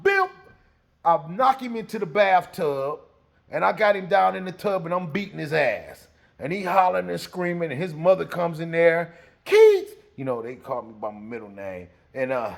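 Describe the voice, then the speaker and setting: A man telling a story in a casual way, animated and laughing as he acts out the scene. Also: on the high side, creaky.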